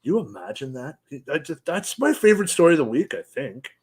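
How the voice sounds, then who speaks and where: A man's voice: on the high side, sing-song, brisk, husky. A man hosting a casual podcast, ranting angrily and swearing heavily. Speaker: podcast host.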